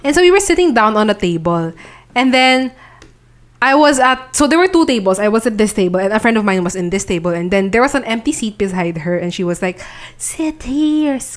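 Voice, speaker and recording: A young Filipino woman co-hosts a casual podcast. Her voice is fairly high and swings widely as she tells a story. She chats quickly and laughs easily. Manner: lively and chatty, quick to laugh. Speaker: podcast co-host. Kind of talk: casual chat.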